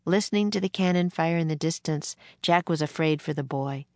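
Low, gravelly woman reading a storybook. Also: fairly quick, no echo, clean studio sound. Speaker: narrator. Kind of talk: reading a children's book aloud.

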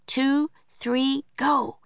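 A woman reading a children's storybook and voicing an eager, brave little girl with a high, excited voice. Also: drawn-out words, gravelly, dry recording, heavily acted. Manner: excited, bubbly.

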